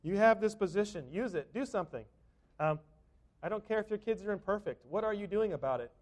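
A man's voice: high-pitched, expressive, brisk, a little mellow. A middle-aged man preaching a conversational sermon as a pastor, often ending points with rhetorical tag questions.

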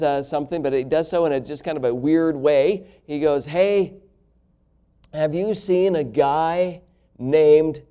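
A male pastor preaching and spinning a personal anecdote in a relaxed, folksy way, full of fillers and little chuckles. His voice sits fairly high, with a warm, mellow tone and a smooth, resonant clarity. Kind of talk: sermon with personal storytelling.

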